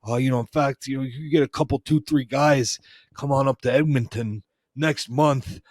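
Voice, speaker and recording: A man spinning a long, wandering yarn as a podcast co-host, stumbling over restarts and leaning on "you know" at every turn. His voice sits at an ordinary middle pitch and sounds dry and close, with no room around it. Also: steady tone, normal speed, dry recording. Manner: meandering, peppered with "you know". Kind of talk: rambling comedic storytelling in character.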